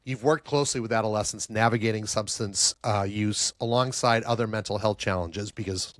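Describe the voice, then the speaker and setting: A man's voice: fairly low pitch, fairly quick, a bit bright, dry recording, clean studio sound. A man from Boston hosting a podcast interview, asking enthusiastic, long-winded questions. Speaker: podcast host.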